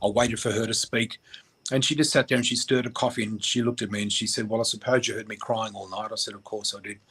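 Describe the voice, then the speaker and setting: A middle-aged man from Australia, a radio guest, telling a personal story in a halting, emotional way with many fillers. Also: fairly low pitch, fairly even intonation, a bit bright, breathy edge.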